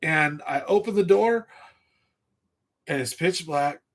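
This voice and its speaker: A man hosting a fishing livestream, casually telling a rambling story from his youth in an animated way and laughing at it. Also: a little high, slow pace. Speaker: fishing channel livestream host.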